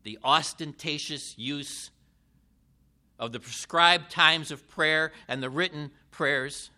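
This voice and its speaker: Male pastor, measured sermon delivery, crisp bright voice. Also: a little high. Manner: slow, deliberate preaching with emphatic rises and falls. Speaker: preacher.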